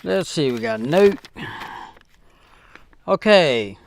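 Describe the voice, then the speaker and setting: A man hosting his own vlog, talking earnestly and heartfelt to viewers in a halting way, with many fillers and restarts. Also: on the high side, lively intonation, gravelly, a little hiss or hum. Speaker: channel host. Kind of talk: casual vlog talk to viewers.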